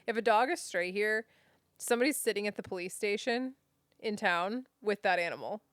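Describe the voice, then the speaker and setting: Smooth-voiced American woman, low-key explaining. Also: lively intonation, normal speed, a bit bright, no echo. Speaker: podcast co-host. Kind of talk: casual chat.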